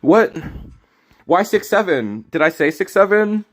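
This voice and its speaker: A man's voice: high voice, sing-song, unhurried. Man joking with chat while playing a card game. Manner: casual, teasing banter with chat; sudden loud reactions. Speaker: streamer. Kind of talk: live game stream commentary.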